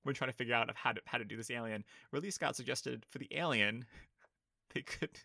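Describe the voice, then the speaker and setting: A man co-hosting a podcast in casual chat, playful and quick to laugh. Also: mid-range voice, bright, forceful tone, no room sound, studio quality. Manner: playful, laughs often, slips into silly put-on voices. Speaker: podcast co-host.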